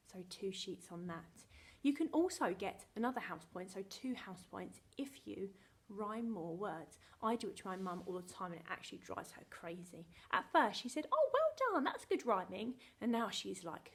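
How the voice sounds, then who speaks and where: Breathy teacher talking to small children. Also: female voice, medium pitch. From England. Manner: cheerful, sing-song, talks slowly to small children. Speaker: primary school teacher. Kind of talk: remote lesson video for young children.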